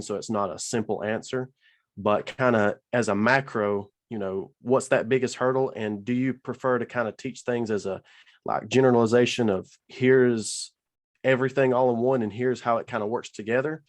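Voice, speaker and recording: A man's voice: mid-range voice, steady tone, moderate pace. A man in a meeting, asking a long question on a video call, rambling and hedging with fillers. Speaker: meeting participant.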